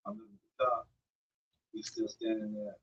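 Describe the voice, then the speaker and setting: A man in his forties telling a personal story in casual talk, emphatic and animated, his voice leaping up when he gets worked up. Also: fairly low pitch, moderate pace. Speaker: streamer. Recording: distant, slightly dull mic.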